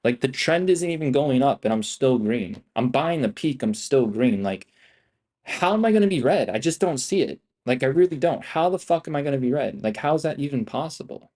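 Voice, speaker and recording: Live on stream, this young trader talks at a normal speed in an expressive, medium-pitched voice with a darkish edge. His commentary is casual and hyped, full of swearing, slang and repetition, and he keeps addressing the audience as "guys" and "bro."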